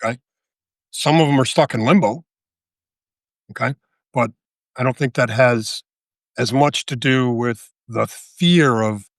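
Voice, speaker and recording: A man in his sixties, a guest telling a story in a casual interview, animated and profane, often checking with "right?". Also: medium pitch, no room sound, studio quality. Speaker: guest, author and veteran.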